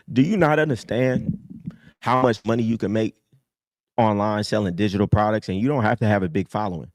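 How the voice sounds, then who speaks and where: A man hosting a live call-in show, talking casually in a streetwise, preachy way that swings from low mutters up to high emphatic bursts. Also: fairly quick, dry recording, studio quality. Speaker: host. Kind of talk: casual livestream talk.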